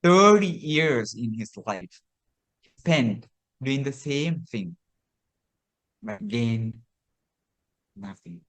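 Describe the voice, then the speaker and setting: A man, a Buddhist monk, telling a teaching story in a sermon, slow and repetitive with hesitant restarts. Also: medium pitch, animated, a bit bright.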